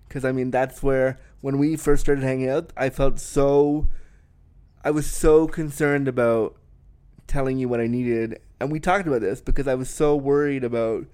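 A young man talking openly in a relaxed conversation. His voice sits in a medium pitch, and he often laughs and restarts his sentences. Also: clear, resonant tone. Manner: frank, laughing, many restarts and "like". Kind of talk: candid conversation.

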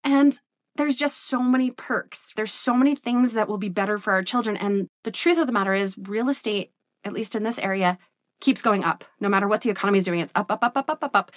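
A woman's voice: medium pitch, brisk, dry recording, clean studio sound. A woman in her thirties talking to camera in a candid, casual vlog, chatty and full of "like" and "right?". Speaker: business coach and vlogger.

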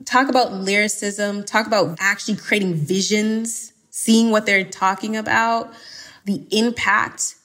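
A woman from Atlanta with an American accent, a podcast guest talking casually in an emphatic, animated way with playful exaggeration. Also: mid-range voice, a little slow. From Atlanta, USA. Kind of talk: casual conversation.

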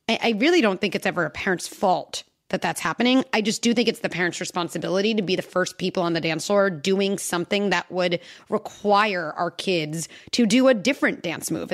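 A woman hosting a parenting conversation, calm and measured as she reassures the guests. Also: medium pitch. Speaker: host, parenting psychologist. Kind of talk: coaching conversation.

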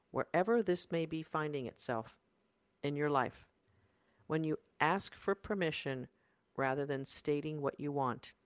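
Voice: mid-range voice, no echo. A life coach giving a motivational talk, emphatic and insistent, repeating phrases and using spiritual wording about energy and the soul.

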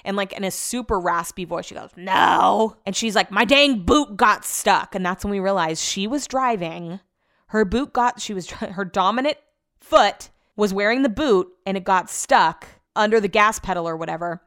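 A young adult woman casually retelling a personal story, emphatic and animated, with lots of filler words. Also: medium pitch, moderate pace.

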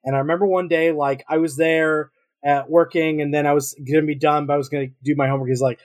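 A man with a slightly raised voice tells blunt stories in casual chat, cursing freely and getting animated when he acts out what people said. The talk is loose and conversational. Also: a little high, fast. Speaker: podcast co-host.

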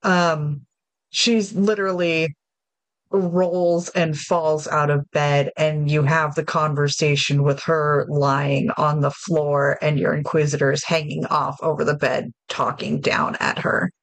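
A woman's voice: sits low, level tone, slow pace, no echo. A woman co-hosting a casual podcast chat, talking frankly and unhurriedly about games. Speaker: podcast co-host.

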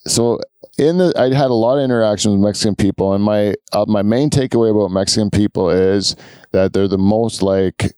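A man's voice: lowish voice, fairly quick, darkish tone, smooth, no echo, studio quality. A man hosting a podcast, telling rambling stories in casual chat, with lots of fillers and laughs. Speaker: podcast host.

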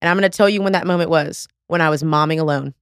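A woman hosting a podcast in casual chat, excitable and emphatic, with slangy Southern-leaning phrasing. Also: deep voice, quick pace, no echo, studio quality. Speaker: podcast host.

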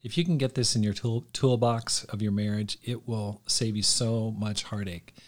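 A man's voice: fairly low pitch, steady tone, normal speed. A middle-aged man and podcast host, chatting casually and telling a marriage story, acting out quotes with laughs.

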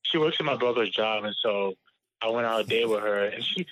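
A man on a podcast, telling a story in a halting, hesitant way. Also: fairly low pitch, a bit bright, dry recording. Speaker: podcast guest. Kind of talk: casual chat. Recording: slightly dull lo-fi sound.

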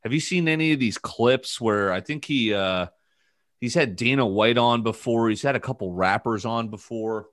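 A man's voice: mid-range voice, normal speed, fairly bright tone, no room sound, studio quality. A man hosting a casual podcast, rambling with jokes and many fillers. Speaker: podcast host.

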